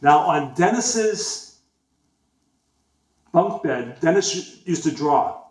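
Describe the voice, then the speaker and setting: A vlogger in his forties with a Boston accent tells a rambling, casual story full of fillers, restarts and swearing. His voice is fairly high, animated and slow, in an echoey room.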